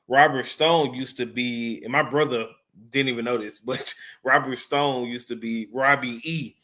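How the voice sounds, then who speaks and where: A man with a mid-range voice that sounds pushed and bright reviews wrestling off the cuff. His casual, rambling take is packed with fillers and swearing.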